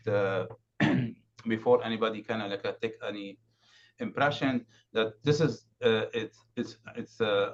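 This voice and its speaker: A man giving a consultant's presentation at a council meeting, halting with many fillers and restarts. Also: on the low side. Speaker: building condition consultant presenting. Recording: dull lo-fi remote audio, faint noise.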